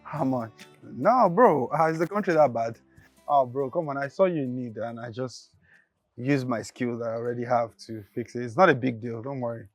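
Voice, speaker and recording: Aktor grający przyjaznego, swobodnego młodego kierowcę z nigeryjskim akcentem, mówiącego średnim głosem. Nagranie suche, blisko mikrofonu. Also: male voice, medium pitch, moderate pace, no echo, faint music behind, close to an everyday voice. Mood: friendly. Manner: easygoing, casual. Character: friendly young jobless driver.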